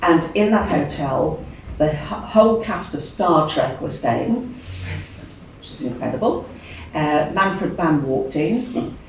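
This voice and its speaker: Older Birmingham woman telling animated stories. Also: low voice, slow pace, a little hiss or hum. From England. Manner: chatty, animated, laughs often, acts out other voices. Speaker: interview guest, singer. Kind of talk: casual storytelling interview. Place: venue room. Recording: distant mic in echoey room.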